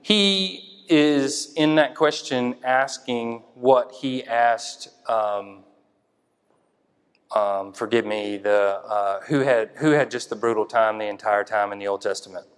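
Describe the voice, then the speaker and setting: A man's voice: medium pitch, slow pace, clean tone. A man preaching an informal sermon in a conversational way, thinking aloud with many fillers and restarts. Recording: long hall reverb.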